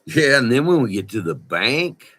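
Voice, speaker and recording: A man, telling a rambling, profane story in a folksy, animated way. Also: mid-range voice, moderate pace, breathy edge. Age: 60s. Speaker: vlogger. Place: indoors by a window.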